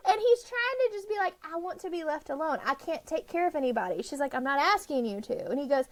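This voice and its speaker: A woman's voice: high-pitched, quick pace. A woman co-hosting a podcast, chatting casually about a book and acting out the characters' lines with bursts of laughter. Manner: animated, acts out characters' lines while laughing. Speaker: podcast co-host. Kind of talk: casual book recap chat.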